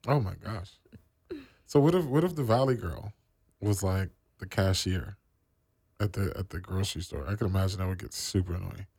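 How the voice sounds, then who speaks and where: A man's voice: deep voice, normal speed, gravelly, darkish tone, slightly rough, dry recording. A man from the East Coast of the US hosting a radio show, talking casually and slangily with many fillers.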